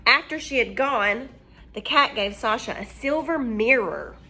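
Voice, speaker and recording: A woman reading a children's storybook aloud, expressive and asking her listeners questions. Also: fairly high pitch, unhurried.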